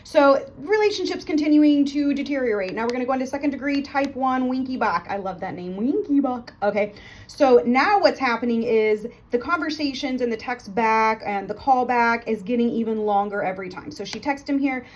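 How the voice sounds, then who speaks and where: Upbeat woman tutor with a slightly high voice, talks fast, playful storyteller. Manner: fast, chatty, playful, keeps checking with "okay?". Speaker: nursing tutor. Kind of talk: animated teaching with storytelling.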